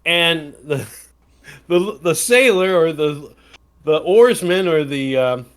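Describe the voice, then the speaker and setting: A man's voice: fairly high pitch, animated, slow pace, smooth. A man from Wisconsin co-hosting a podcast, telling a rambling anecdote in casual chat with many fillers and restarts. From Wisconsin, USA. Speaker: podcast co-host.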